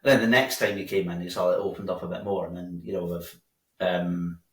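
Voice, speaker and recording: A man's voice: low-pitched, fairly even intonation, a little fast. A man, a bar owner chatting as a guest, rambling with lots of restarts. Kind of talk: casual interview chat. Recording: roomy sound from a distant mic.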